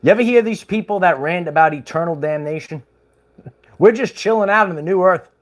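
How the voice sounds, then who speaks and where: A man's voice: high-pitched, a little fast. Rambling man hosting a livestream. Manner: rambling, chuckling, many fillers. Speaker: livestream host. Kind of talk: casual livestream chat.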